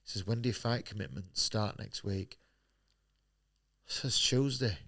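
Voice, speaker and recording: A man's voice: lowish voice, unhurried, a bit bright, husky. A man, a boxer telling his story bluntly in an interview, swearing freely and acting out what people said. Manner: blunt, swears freely, acts out quoted dialogue. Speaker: guest, professional boxer. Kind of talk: candid storytelling in a podcast interview.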